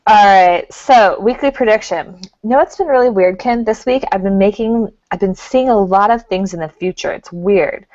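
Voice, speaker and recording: A woman plays the psychic co-host on a casual talk show, chatty and giggly, in a mid-range, darkish voice at normal speed with few pauses. The recording is dry, dull, and lo-fi.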